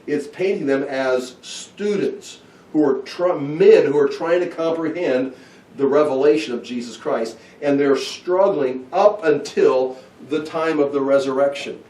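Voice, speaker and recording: A man's voice: mid-range voice, darkish tone. Man teaching scripture in an echoey room. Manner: conversational, pointing listeners to verses. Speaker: Bible teacher. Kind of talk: informal verse-by-verse Bible teaching. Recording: roomy echo, mic at a distance.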